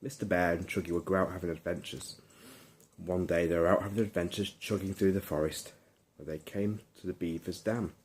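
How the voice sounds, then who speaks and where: A man narrates a bedtime story in a calm, soothing way. His voice is deep and low throughout. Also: brisk.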